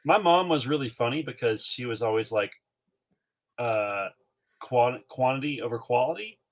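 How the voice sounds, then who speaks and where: Animated man telling a childhood story. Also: mid-range voice, moderate pace. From North Carolina, US. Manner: animated storyteller, frequent fillers. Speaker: podcast co-host. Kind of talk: casual storytelling chat.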